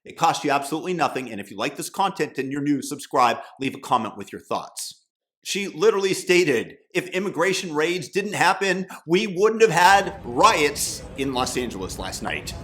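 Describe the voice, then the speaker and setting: Sarcastic man with lively pitch. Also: normal speed. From Boston. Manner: mocking, sneering, theatrical. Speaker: political commentary host. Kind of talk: sarcastic political commentary.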